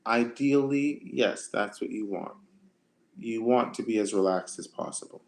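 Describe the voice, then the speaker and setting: A man coaching singers on a livestream, answering chat questions in a relaxed, conversational way that often repeats itself. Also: fairly low pitch, unhurried. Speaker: vocal coach.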